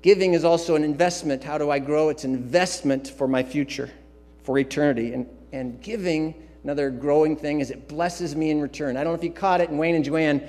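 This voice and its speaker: A man's voice: fairly high pitch, fairly even intonation, brisk, darkish tone, long reverb tail. A man preaching a sermon as pastor, emphatic and repetitive, with casual asides and filler sounds. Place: church sanctuary.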